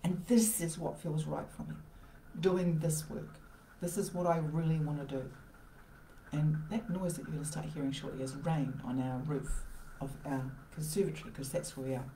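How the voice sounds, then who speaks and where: Hosting a live self-help talk from her home conservatory, a woman speaks at a moderate pace in a low, steady, mellow voice. The informal motivational talk wanders with asides and restarts, and there's slight background noise over the conservatory's roomy echo.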